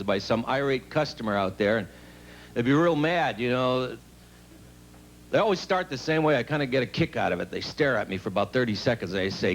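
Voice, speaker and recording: A man doing a stand-up comedy monologue in a TV studio, telling rambling deadpan stories with asides to the audience. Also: medium pitch, slight background noise, low-quality recording. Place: TV studio stage with live audience.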